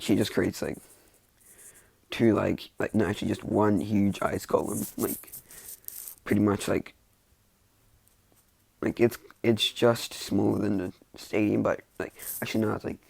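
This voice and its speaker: A man's voice: lowish voice, creaky, darkish tone, breathy edge, dry recording. A young man casually retelling a fan-made story, rambling and self-mocking, with lots of "like" and restarts.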